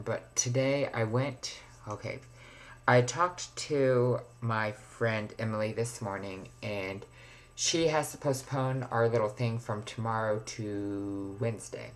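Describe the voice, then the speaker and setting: A young man talking casually to camera in a rambling video diary, now and then dropping to a near whisper. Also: on the low side. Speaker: vlogger.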